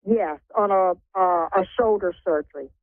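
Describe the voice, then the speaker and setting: A woman calling in to a radio show, speaking hesitantly with many pauses and "um"s. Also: mid-range voice, dry recording. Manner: hesitant, halting with "um". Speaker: caller. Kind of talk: phone-in question. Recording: tinny phone line.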